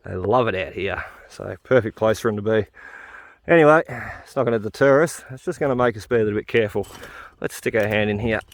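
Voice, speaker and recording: A man's voice: on the low side, fast talker, dry recording. Chatty man hiking outdoors. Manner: chatty, rambling, frequent "uh" fillers. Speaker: vlogger relic hunting. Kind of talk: casual walk-and-talk commentary. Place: outdoors on a hill in the bush.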